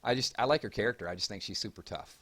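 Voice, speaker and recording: Male livestream host, Southern drawl, a bit low-pitched, casual and talkative with chat. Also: very fast, breathy edge. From Georgia, US. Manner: chatty, reads chat aloud and gives shout-outs.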